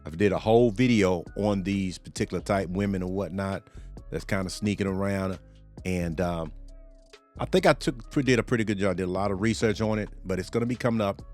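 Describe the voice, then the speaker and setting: A man's voice: deep voice, a little fast, a little mellow, soft background music. A male host giving rambling reaction commentary on a video clip, padding his talk with "you know" and "or whatnot".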